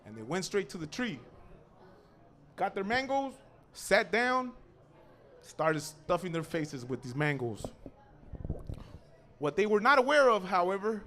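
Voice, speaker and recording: A young man telling a profane comic story at an open mic, acting out voices and shouting. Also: high voice. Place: small cafe open mic stage.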